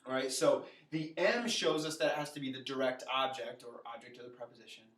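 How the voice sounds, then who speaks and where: A man gives a relaxed whiteboard lesson, chatty and full of little asides. His voice sounds roomy and echoey, picked up from some distance by the camera. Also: medium pitch, fairly quick. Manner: chatty and informal, with many fillers and asides to the viewer. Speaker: Latin teacher. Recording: echoey room, far from the mic.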